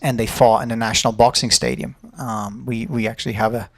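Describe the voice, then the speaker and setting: A man with a gravelly, creaky voice tells a fight story in a loose, casual way. He swears freely and gets animated as he talks. His pitch sits in a middle range. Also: a little fast. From Ireland. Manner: animated, profane anecdote telling. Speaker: podcast host and fight coach.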